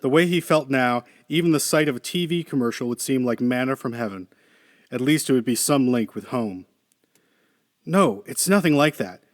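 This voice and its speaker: A man reading a short story aloud in a measured, steady narration. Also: medium pitch, no echo, clean studio sound. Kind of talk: scripted narration.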